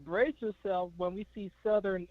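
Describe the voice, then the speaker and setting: High-voiced caller, stammering, dull call audio. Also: male voice, fairly even intonation, normal speed, no room sound. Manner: stammering, many fillers. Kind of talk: casual sports chat.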